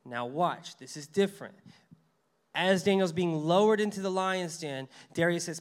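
A man's voice: high-pitched, lively intonation, normal speed. A man preaching a sermon in a casual, conversational way, reading verses aloud and acting out the lines of the story. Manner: conversational preaching, reads scripture aloud, acts out quotes. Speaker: pastor.

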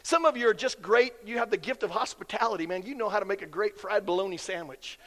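A man's voice: sits high, fast, a bit bright. A man preaching a sermon as pastor, folksy and emphatic, repeating key lines for effect. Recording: long reverb of a big hall.

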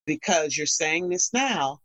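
A woman's voice: deep voice, animated, slow pace, a bit bright. A woman who is a stage actress, talking frankly and emphatically in an interview and telling stories with blunt asides. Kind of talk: candid conversational interview.

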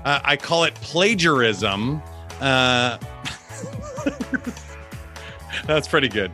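A man's voice: mid-range voice, sing-song, drawn-out words, sharp tone, soft background music. A man in his forties hosting a podcast, upbeat and jokey in casual chat. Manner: upbeat, jokey, loose with filler words. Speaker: podcast host.

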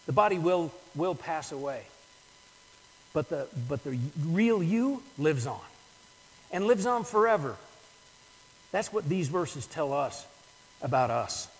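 A man's voice: on the high side, sing-song, slow, pauses often, husky. Older man, pastor, earnest sermon, repeats himself for emphasis, echoing hall. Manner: earnest, repeats words while building a point.

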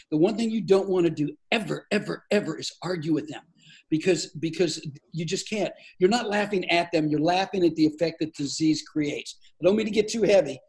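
This is an older man with a fairly high voice. He is a comedian telling stories as a guest, and he does it playfully and with animation, often laughing along with his own tales. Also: darkish tone. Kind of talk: storytelling in a podcast interview.

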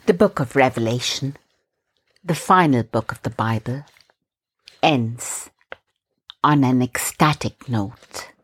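A woman from India with a very low, breathy voice leads a guided Christian meditation. She speaks slowly and calmly, in a gently instructive way. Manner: calm, slow, gently instructive. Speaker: meditation podcast host.

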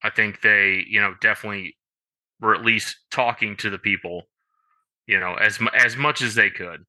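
A man co-hosting a podcast in casual chat, halting and full of "you know" fillers. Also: fairly low pitch, steady tone, pushed and bright, no echo. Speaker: podcast co-host.

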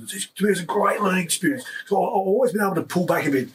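A man in his fifties recounts his playing days, his voice sitting a bit higher than most men's. He talks in an emotional, animated rush, full of restarts. The mic sits slightly away from him. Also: rapid-fire, few pauses, distant mic, poor audio. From Australia. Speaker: guest, former rugby league player. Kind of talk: casual storytelling interview.

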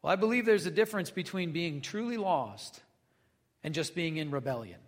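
Guy preaching a sermon, kinda high voice, chatty, lots of questions to the crowd, long echo in the room. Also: expressive, normal speed. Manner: conversational preaching, reads scripture then asks the congregation questions. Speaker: pastor. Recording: long hall reverb.

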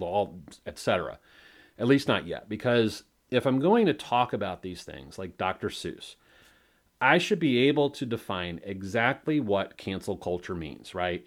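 A man hosting a solo podcast, rambling and swearing freely while he mocks himself. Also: fairly low pitch. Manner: rambling, profane, self-mocking. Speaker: podcast host.

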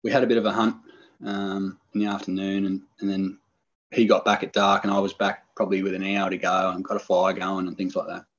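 An Australian man tells his story in a relaxed, rambling way, full of fillers and restarts. His voice sits low and a touch husky. The recording is dull and lo-fi. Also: fairly quick. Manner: rambling, laid-back, many fillers and restarts. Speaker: podcast guest, hunter. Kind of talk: casual storytelling.

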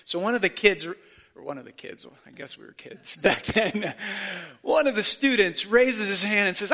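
Bright-voiced earnest male preacher. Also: high-pitched, animated, normal speed, vocal fry. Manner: earnest, conversational preaching with self-deprecating asides. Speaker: pastor. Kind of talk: sermon.

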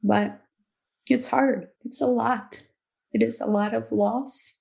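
A woman in her thirties, a guest in an interview, speaking slowly and reflectively about hard personal things. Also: fairly high pitch, fairly even intonation, vocal fry, darkish tone. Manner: slow, reflective, emotional. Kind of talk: candid interview talk.

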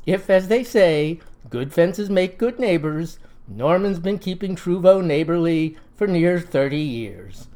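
A man with a Southern US accent telling a comic tale in a folksy, deadpan, mock-solemn style. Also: on the high side, a little slow. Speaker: storyteller.

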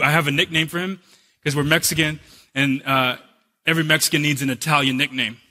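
A man preaching a sermon as a pastor, an animated storyteller who shifts from humor to earnest teaching. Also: a little high, a little fast.

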